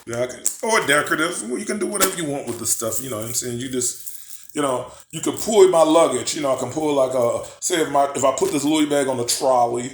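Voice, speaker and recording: A man's voice: medium pitch, a little fast. A man, rambling in a casual show-and-tell vlog and asking viewers to picture things. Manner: chatty, rambling, asks viewers to imagine. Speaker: vlogger. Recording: echoey room, faint background noise.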